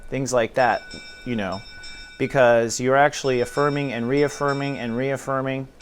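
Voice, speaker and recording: A man's voice: mid-range voice, steady tone, normal speed, slight background noise. Casual man giving a spiritual talk. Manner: informal, plays out inner dialogues in quoted voices. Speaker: spiritual teacher.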